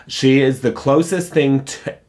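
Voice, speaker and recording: A man's voice: mid-range voice, fairly even intonation, unhurried, darkish tone. A man who reads a gossip article aloud, then gives his candid, opinionated take in a casual, conversational way. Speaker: pop culture commentator.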